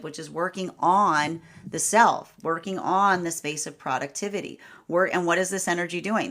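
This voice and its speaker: Animated woman giving a tarot reading. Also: fairly low pitch. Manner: animated, repeats "right?", laughs often. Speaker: tarot reader. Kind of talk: live tarot reading stream.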